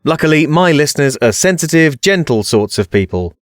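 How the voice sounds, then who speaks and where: A man's voice: a little high, big pitch swings, fairly quick, no echo, studio quality. A man hosting a scripted comedy podcast in a wry, theatrical way.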